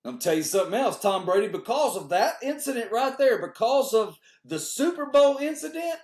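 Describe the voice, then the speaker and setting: Guy ranting comedy bits, voice jumps all over, kinda echoey room. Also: normal speed. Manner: animated, swings between high outbursts and low mutters. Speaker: comedian host. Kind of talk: comedic monologue. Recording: roomy echo.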